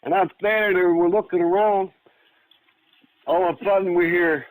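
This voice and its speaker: A man's voice: high-pitched, moderate pace, long pauses, no echo, rough recording. A man of about sixty from Northern Michigan, telling a long story as a guest in a rambling, casual way with many restarts. He acts out the lines of the people in his story. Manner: rambling, full of restarts, acts out quoted speech.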